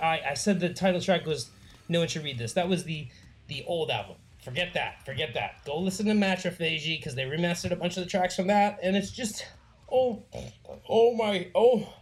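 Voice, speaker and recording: A music vlogger giving casual song recommendations, gushing and excitable, with many "like" fillers. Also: medium pitch, a little fast.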